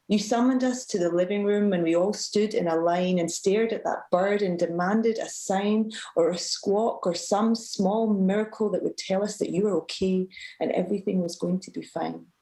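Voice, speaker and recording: Woman reading poetry in a dark voice. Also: medium pitch, low-quality recording. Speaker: student poet. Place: live event venue.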